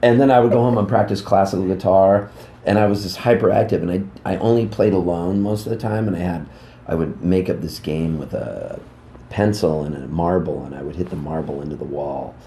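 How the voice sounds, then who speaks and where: A man in his fifties, a musician, telling rambling, animated anecdotes in a casual interview backstage at a music club. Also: sits low, fairly quick, echoey room, a little hiss or hum. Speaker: musician guest.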